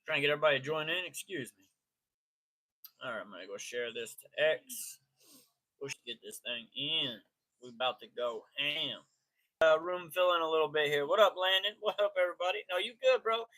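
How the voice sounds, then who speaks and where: A man's voice: a little high, animated, a little fast, pushed and bright. A man hosting a casual live sports stream, talking in slang and greeting chatters by name.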